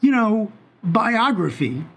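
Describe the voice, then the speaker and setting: High-voiced middle-aged guy, ranting on a podcast, goes off on tangents. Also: slow pace, slightly rough. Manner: ranting, animated, tangent-prone. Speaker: podcast co-host. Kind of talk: casual podcast chat.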